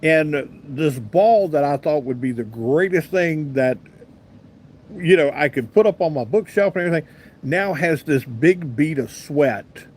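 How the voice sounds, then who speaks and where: A radio talk show host in his fifties tells a rambling personal story and responds to viewers' comments in a casual, anecdotal chat with asides to them. His voice is on the high side and a little mellow, with slight background noise.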